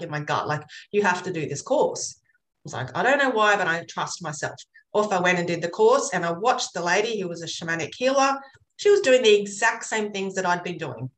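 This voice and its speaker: A woman talking earnestly about her work as an energy healer, a chatty and rambling storyteller. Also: on the low side. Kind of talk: casual interview chat. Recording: roomy echo.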